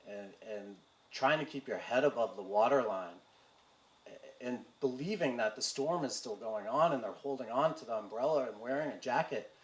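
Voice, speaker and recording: A man telling his personal recovery story to a live audience, halting and candid, with wry humor and frequent fillers. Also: mid-range voice, fairly bright tone. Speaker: speaker sharing a recovery story. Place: community event hall with audience. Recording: roomy hall with faint room noise.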